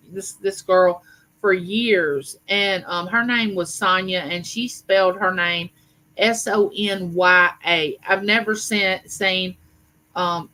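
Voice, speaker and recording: Chatty bright-voiced woman in her fifties. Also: medium pitch, low-quality recording. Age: 50s. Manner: chatty, rambling, many fillers and restarts. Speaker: livestream host. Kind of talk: casual live chat reading viewer comments.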